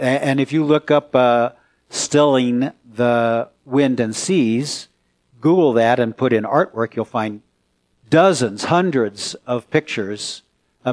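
A male pastor with a mid-range voice preaches in church in a chatty, conversational style, regularly asking the congregation questions.

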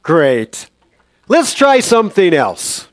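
A man's voice: sits high, wildly swooping pitch, slow pace, no room sound, voice pushed up, heavily acted. A man voicing a kind, reassuring male hospital nurse in a retold story. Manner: gentle, reassuring.

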